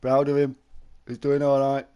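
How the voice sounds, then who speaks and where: A man's voice: mid-range voice, completely flat delivery, moderate pace, warm tone, smooth, lo-fi sound. A middle-aged man, chatting casually to viewers on a live stream and telling stories. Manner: chatty, storytelling, calls listeners mate.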